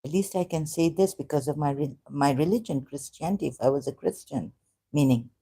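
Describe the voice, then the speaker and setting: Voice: mid-range voice, brisk, warm tone, breathy edge. A native Urdu speaker talking through religious questions in a casual, hesitant monologue full of fillers and restarts. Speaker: ex-Muslim vlogger.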